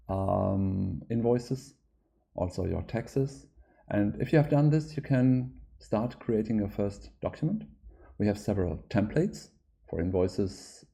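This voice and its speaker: A man with a German accent, a native German speaker, walking through a software tutorial in a hesitant way with many filler sounds. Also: fairly low pitch, gravelly. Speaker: app developer giving a tutorial. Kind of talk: screen-recorded software walkthrough.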